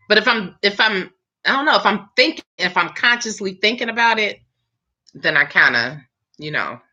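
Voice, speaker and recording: A woman's voice: mid-range voice, animated, unhurried, long pauses, bright, forceful tone, breathy edge. A woman who does hair, hosting a casual live chat and talking straight to her viewers with a chatty, laughing manner. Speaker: live chat host, hairstylist. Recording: dull lo-fi stream audio.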